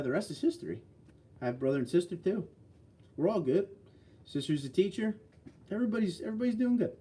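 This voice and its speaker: A man in his sixties chats casually on his livestream, answering viewer comments with blunt, folksy opinions. His voice sits a little high for a man, with a mellow, unhurried warmth. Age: 60s. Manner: blunt, folksy, opinionated, reads out chat messages. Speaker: livestream host.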